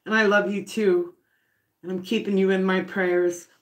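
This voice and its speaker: A middle-aged woman hosts a casual home livestream, baking and reading viewer comments aloud as she chats. Her voice sits in the mid-range, with a level tone and a normal speed.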